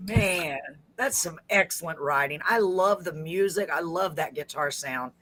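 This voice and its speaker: A woman's voice: sits low, unhurried, a bit bright, soft background music. A woman hosting a live podcast, effusive and chatty, reading viewer comments aloud. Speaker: podcast host. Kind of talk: casual live-stream chat.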